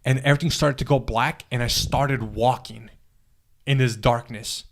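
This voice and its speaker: An earnest man tells his story in an interview, pausing, repeating himself and starting over. His voice sits at an ordinary middle pitch. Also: steady tone, vocal fry. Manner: earnest, halting storytelling with many restarts and fillers. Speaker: guest telling his testimony. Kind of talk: personal spiritual testimony in an interview.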